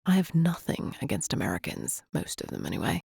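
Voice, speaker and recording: A woman voicing a reserved young Englishman in an audiobook, his English accent dry and understated, pitched low and a bit hollow and distant. The delivery is crisp and unhurried, with very little room sound. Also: lively intonation, a little mellow, dry recording. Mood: dry teasing.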